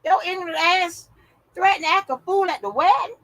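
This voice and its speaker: A woman with a bright, clear voice hosts a live stream. She gives blunt, profane commentary in a casual way and reacts to what she reads aloud. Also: very high voice, brisk, rough recording.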